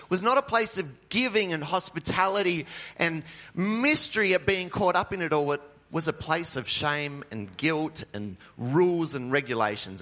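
Male pastor, slightly high bright voice, chatty sermon with jokes and ums, church setting. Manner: chatty, joking, many filler ums.

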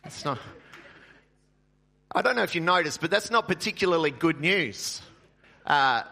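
Bright-voiced joking male pastor. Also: a little high. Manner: chatty, joking, many filler ums. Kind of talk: sermon. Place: church.

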